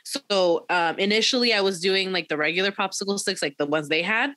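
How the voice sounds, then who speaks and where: A young woman co-hosting a podcast in casual chat, chatty and laughing often, quoting cartoon characters in a higher voice. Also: a little fast, a bit bright, a little hiss or hum. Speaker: podcast co-host.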